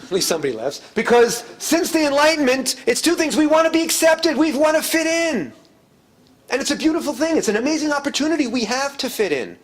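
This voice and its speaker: A man's voice: extremely high pitch, very animated, brisk. A middle-aged man from New York giving a lecture as a historian, a wry storyteller who shifts his voice for quoted people. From United States, New York. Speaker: guest speaker, historian. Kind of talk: lecture with jokes and anecdotes.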